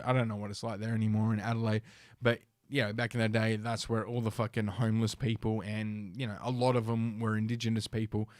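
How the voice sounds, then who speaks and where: A man's voice: fairly low pitch, a little mellow, dry recording, studio quality. A man with an Australian accent, hosting a livestream and telling a rambling, profane story full of fillers and restarts. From South Australia, Australia. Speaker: podcast host.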